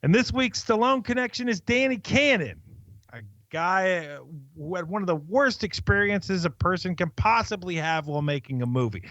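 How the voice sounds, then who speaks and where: A man's voice: fairly high pitch, a bit bright, no room sound. Wry man on a podcast, dull sound. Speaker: podcast co-host. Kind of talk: casual chat.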